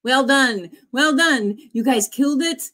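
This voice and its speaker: A woman's voice: sits high, lively intonation, measured pace, sharp tone. A woman in her forties, an author hosting a writing sprint livestream in a casual, bubbly way, often cheering her viewers on with whoops. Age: 40s.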